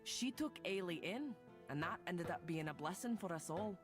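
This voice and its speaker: A woman's voice: fairly low pitch, expressive, normal speed, close to an everyday voice. A woman voicing a stubborn old farm wife. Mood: fond. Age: older. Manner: blunt, grumbling, folksy. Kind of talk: video game dialogue. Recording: game audio with loud music underneath.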